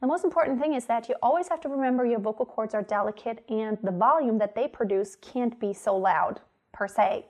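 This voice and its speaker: A woman teaching singing, explaining vocal technique clearly and stopping to demonstrate tones. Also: on the high side, brisk.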